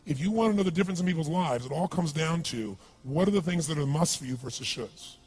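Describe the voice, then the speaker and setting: A man's voice: fairly high pitch, lively intonation, fast talker, a little mellow, slightly rough, faint music behind. A man giving a motivational seminar talk, telling a story with energy and asking the crowd questions. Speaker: motivational speaker.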